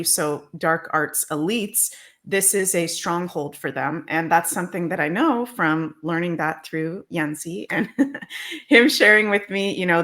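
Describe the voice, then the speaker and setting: Brief: woman guest astrologer, somewhat low voice, emphatic and chatty. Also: a bit bright. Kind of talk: casual explanatory talk.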